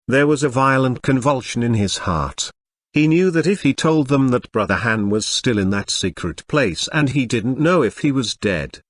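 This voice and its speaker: A text-to-speech male voice narrating a web novel audiobook in an even, synthetic reading. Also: mid-range voice, dry recording, clean studio sound.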